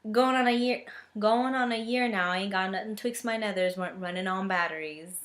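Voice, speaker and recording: A woman's voice: mid-range voice, fairly quick, fairly bright tone, close to an everyday voice. A woman putting on a flirty Southern drawl. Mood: teasing. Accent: Southern US, put on badly.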